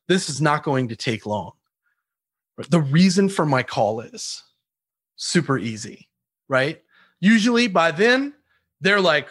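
A man, a sales trainer, answering podcast interview questions in an animated storytelling way, acting out phone calls and laughing often. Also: a little high, no room sound, clean studio sound.

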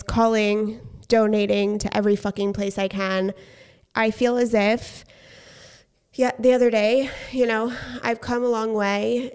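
A woman's voice: medium pitch, creaky, a little mellow, clear, resonant tone. A young woman co-hosting a podcast while pregnant, talking in a candid, casual way. She gets a little out of breath as she goes and drops the odd swear word. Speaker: podcast co-host.

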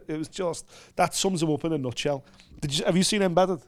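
An excitable man chatting as co-host of a fight-sports show. His voice sits a little high for a man, and he gushes with praise as he talks. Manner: gushing, excitable, quick to praise. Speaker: podcast co-host. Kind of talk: casual sports chat.

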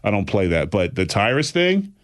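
A man's voice: on the low side, moderate pace. A man co-hosting a casual chat show, telling stories with lots of mocking impressions. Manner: animated storyteller who slips into mocking impressions. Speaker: podcast co-host.

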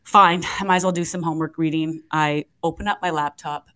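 Low-pitched and fairly quick, a middle-aged woman co-hosting a morning radio show recounts a story with plenty of laughter and acted-out voices. The audio quality is poor.

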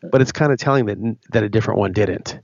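A man with a low, gravelly, slightly husky voice gives his opinions bluntly on a podcast, swearing freely and restarting his sentences. The audio is dry and a little dull. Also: racing, a little mellow, dry recording. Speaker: podcast co-host. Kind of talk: casual opinionated chat.

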